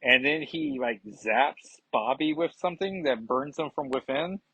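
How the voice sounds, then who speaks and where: A man's voice: fairly high pitch, lively intonation, unhurried, sharp tone, breathy edge, dry recording, lo-fi sound. A man reviewing comics in casual chat, rambling and digressive with many fillers.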